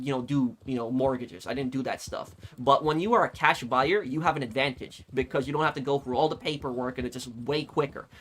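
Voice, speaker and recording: A man's voice: medium pitch, fairly bright tone. A man streamer telling a long story in casual chat, rambling and repeating words as he goes. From United States.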